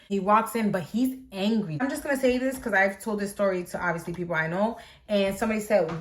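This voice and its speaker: A young woman spins a dramatic storytime for her viewers, chatty and loose. She leans on fillers and asides and talks at an even, middling pitch for a woman. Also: a little fast, few pauses. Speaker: vlogger. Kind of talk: storytime vlog.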